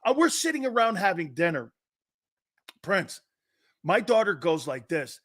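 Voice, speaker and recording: A middle-aged man hosting a casual sports talk show, telling stories in an animated way and laughing often. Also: sits high, a little slow, long pauses.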